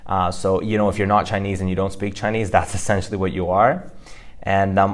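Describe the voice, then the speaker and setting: A man co-hosting a language-learning podcast, explaining Mandarin pronunciation casually with frequent fillers. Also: low-pitched. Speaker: podcast co-host teaching Mandarin.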